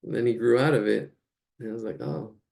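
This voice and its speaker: A man with a low, gravelly, husky voice, thinking aloud as he sketches. He rambles in a loose, muttering way and drifts into chuckling asides. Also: steady tone, fast talker, a little mellow. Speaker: drawing instructor. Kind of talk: casual narration while drawing.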